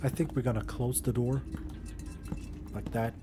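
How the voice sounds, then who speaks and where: A man's voice: mid-range voice, fairly even intonation, unhurried, music in the background. A young man who is not a native English speaker, casually commentating a horror game, joking and swearing and talking to the characters on screen. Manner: profane, jokey, talks to the game characters. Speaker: gaming channel host. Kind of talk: casual let's-play commentary.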